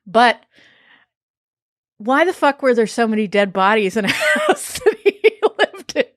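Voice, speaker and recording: A woman's voice: fairly high pitch, huge pitch swings, measured pace, dry recording, studio quality. A woman hosting a podcast in casual chat, talkative, with swearing and laughing asides. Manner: chatty, swearing, laughing asides, many fillers. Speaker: podcast host.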